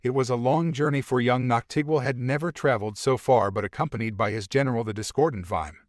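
A man narrating an amateur fantasy story, reading in a halting, stumbling way. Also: mid-range voice, dry recording, studio quality.

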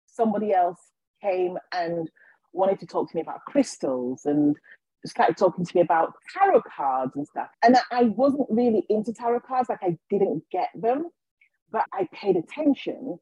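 A woman, a guest on a podcast, telling her personal story in an animated way and acting out what people said to her. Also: mid-range voice, moderate pace, slightly rough, dry recording, lo-fi sound. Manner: animated, acts out quoted dialogue. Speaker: guest, healer and intuitive.

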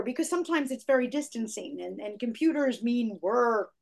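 A woman hosting an interview, warmly enthusiastic and quick to praise her guest. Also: on the high side, animated, creaky. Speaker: podcast host. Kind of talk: conversational interview.

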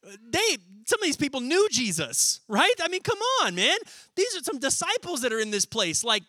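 A young man preaching a sermon as pastor, talking in a lively, casual way and acting out little scenes as he goes. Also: extremely high pitch, no room sound. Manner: animated, conversational, acts out scenes in quick voices.

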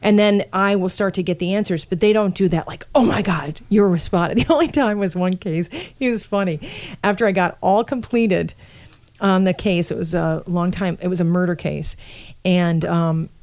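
A chatty woman hosts a casual interview, her voice sitting a little low. She laughs easily and acts out other people's lines as she tells stories. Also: fairly even intonation, moderate pace, darkish tone. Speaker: podcast host and psychic.

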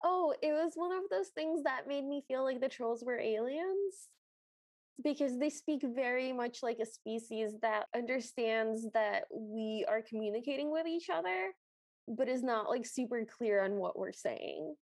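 Podcast cohost lady, high voice, playful, super dry mic. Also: lively intonation, a little slow, darkish tone, dry recording. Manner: playful, acts out characters. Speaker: podcast co-host. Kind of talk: casual chat, film recap.

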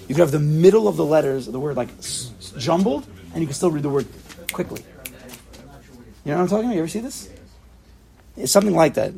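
A man's voice: fairly high pitch, gravelly, a little mellow. A man leading a casual Talmud study class, thinking aloud and checking in with his students. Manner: thinks aloud, asks the class questions, laughs at himself.

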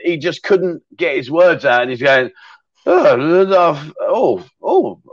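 Reading viewer comments aloud and laughing readily, this middle-aged livestream host keeps up a chatty, meandering flow at a medium pitch. There's no room sound, and the audio comes across flat and dry.

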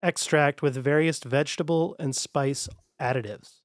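A man cracking goofy puns on a podcast, his voice sitting a little high for a man. He talks playfully and loosely. The recording is dry and close. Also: steady tone, a little slow, no echo. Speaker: podcast co-host. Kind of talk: casual podcast banter.

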